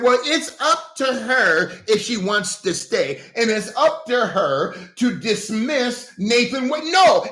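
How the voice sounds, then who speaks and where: A man hosting a heated political livestream, animated and breaking into shouts, thanking viewers for gifts. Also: very high voice. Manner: animated, breaks into shouts, repeats okay, coughs. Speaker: livestream host addressing viewers as pastors. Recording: echoey room.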